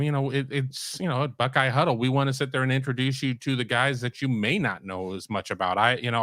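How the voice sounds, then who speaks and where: A man with a smooth, resonant voice co-hosts a casual sports podcast. He mixes wry, joking asides into his points. The recording is dry and close. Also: mid-range voice, fairly bright tone, no echo. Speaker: podcast co-host.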